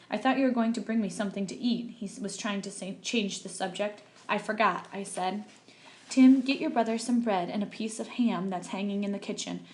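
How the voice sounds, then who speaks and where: A woman's voice: medium pitch, darkish tone. Woman reading a novel aloud. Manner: plain unpolished reading with small slips and restarts. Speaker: reader.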